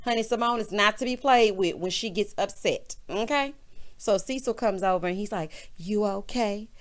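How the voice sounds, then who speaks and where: A woman with a mid-range voice speaks at a normal speed while recapping a reality show. Her commentary is casual, sassy and gossipy, aimed straight at her viewers.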